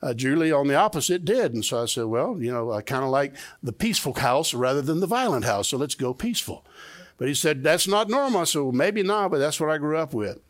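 A man's voice: fairly high pitch, lively intonation, brisk. A middle-aged man preaching a sermon to his congregation in a conversational way, often repeating key phrases and having the listeners say them back. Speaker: pastor. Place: church sanctuary.

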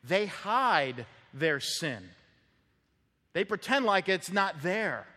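A man preaching a sermon as pastor, animated, acting out quoted voices and repeating words as he builds up. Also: sits high, slow. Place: church sanctuary. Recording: long reverb of a church hall.

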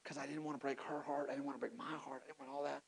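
A man from Texas, telling his own story in an animated, self-mocking sermon with lots of restarts. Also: mid-range voice, very fast, gravelly, slightly rough. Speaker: preacher.

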